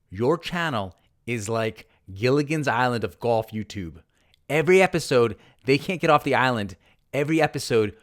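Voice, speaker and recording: A man's voice: mid-range voice, fairly bright tone. A man hosting his own golf channel, telling a story and reading posts aloud in a sarcastic, mock-dramatic way. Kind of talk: narrated commentary reading tweets aloud.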